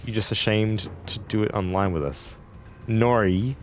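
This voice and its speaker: Guy in his 20s streaming a game, lowish voice, rambly chatter to his viewers. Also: moderate pace, a little hiss or hum. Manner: casual, chatty, rambling, answers chat between fights. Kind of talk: live gameplay commentary, chatting with viewers.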